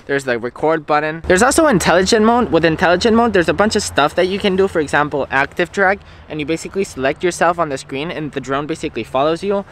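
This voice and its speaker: A man's voice: a little high, lively intonation, fast talker, few pauses, fairly bright tone, a little hiss or hum. A young man in a casual tech vlog review, chatty and filling his talk with "basically". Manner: chatty, says "basically" a lot. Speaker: tech vlogger.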